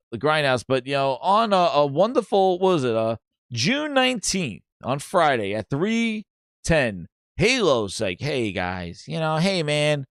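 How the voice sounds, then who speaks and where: A man's voice: on the high side, clear, resonant tone, no echo, studio quality. A man hosting a gaming news show, rambling and mocking in casual chat, with many restarts. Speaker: gaming podcast host.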